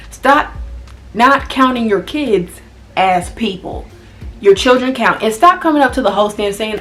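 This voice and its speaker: A woman's voice: a little high, moderate pace, a little hiss or hum. A young woman who works as a restaurant host, ranting casually and emphatically in a vlog. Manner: emphatic, exasperated storytelling.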